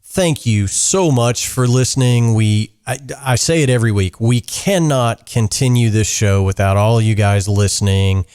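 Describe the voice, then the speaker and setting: A man's voice: on the low side, moderate pace, few pauses, darkish tone, clean tone. A man hosting a podcast, chatting casually with a guest and closing the show in friendly, upbeat patter. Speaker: podcast host. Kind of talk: casual interview chat.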